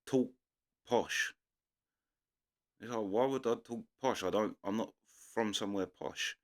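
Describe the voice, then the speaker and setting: A young man with a London accent talks through a reaction video in a casual, rambling way. His voice sits low and deep. He stops and restarts his sentences often and fills the gaps with fillers. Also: normal speed. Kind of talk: casual commentary.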